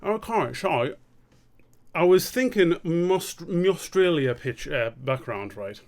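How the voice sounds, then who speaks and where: A man's voice: a little high, lively intonation, takes it slowly, darkish tone. A man chatting casually on a live stream, rambling and swearing as he pokes fun at himself. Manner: rambling, sweary, self-mocking.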